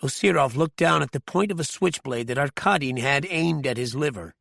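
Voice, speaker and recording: A man narrating an audiobook thriller in a measured, even storytelling manner. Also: on the high side, gravelly, dry recording, studio quality.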